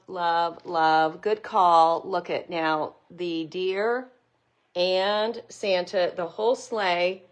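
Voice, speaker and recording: A woman hosting a live craft tutorial, chatting with viewers in an upbeat way while she works. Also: fairly low pitch. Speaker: craft host.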